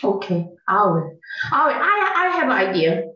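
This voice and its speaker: A woman's voice: mid-range voice, very animated, normal speed, bright, forceful tone, echoey room, lo-fi sound. A woman in an improv scene playing an indignant coworker passed over for promotion, talking dramatically. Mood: conciliatory. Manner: dramatic, indignant, bursts into mock crying. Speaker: improv performer. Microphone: online call.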